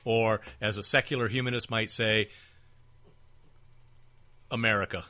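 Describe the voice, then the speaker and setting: A man's voice: lowish voice, steady tone, measured pace, sharp tone, no echo. A man co-hosting a casual political talk show, joking and teasing his partner, with frequent fillers and restarts. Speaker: podcast co-host. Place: small back-room studio.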